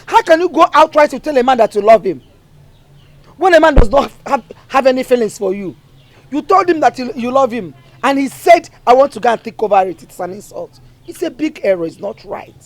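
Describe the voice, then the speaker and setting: A woman's voice: mid-range voice, sing-song, moderate pace, vocal fry, hardly any pauses, mellow, husky, heavily acted. An earnest, pleading Nigerian mother. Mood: scolding. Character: worried, moralizing village mother. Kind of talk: Nollywood film drama.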